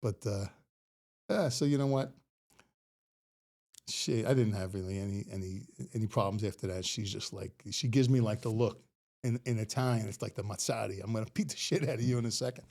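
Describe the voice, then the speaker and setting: A middle-aged man, a retired police officer, telling stories in a casual, animated way and laughing often. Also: fairly low pitch, a little fast. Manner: animated, laughing often, acts out quoted voices. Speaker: podcast guest. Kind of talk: casual storytelling.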